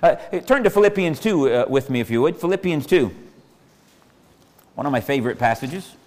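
A man's voice: mid-range voice, expressive, moderate pace, darkish tone. A man preaching a sermon as pastor in a church, folksy and repetitive, asking the congregation questions. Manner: folksy, asks the congregation questions, repeats phrases. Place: church sanctuary. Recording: long hall reverb.

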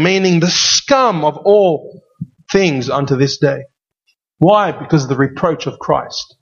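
Emphatic male pastor in a reverberant hall. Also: a little high. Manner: emphatic, repeats key phrases. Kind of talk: sermon. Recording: dull sound with long hall reverb.

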